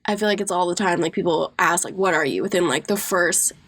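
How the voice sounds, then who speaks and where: A woman's voice: fairly low pitch, brisk, slightly rough. Young woman chatting, full of "like". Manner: animated storytelling, lots of "like". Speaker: podcast co-host. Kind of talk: casual chat.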